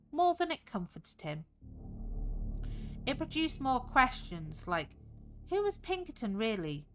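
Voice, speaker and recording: Slow, expressive woman reading horror. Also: medium pitch, rough recording. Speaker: streamer reading horror stories.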